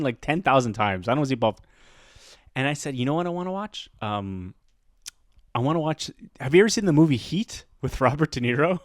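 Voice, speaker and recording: A man hosting a podcast, telling a lively casual story about the class he teaches, laughing often and acting out the voices of the people he quotes. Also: medium pitch, normal speed, dry recording, clean studio sound. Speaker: podcast host.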